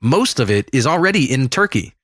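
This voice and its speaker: A man's voice: medium pitch, very animated, fairly bright tone, no room sound. Man, podcast co-host, emphatic, casual chat, dry close sound. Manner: emphatic, quick asides, restarts.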